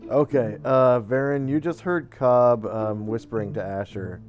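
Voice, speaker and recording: A man running a tabletop game, slow and halting with fillers. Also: medium pitch, a little mellow, dull audio, faint music behind. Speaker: game master.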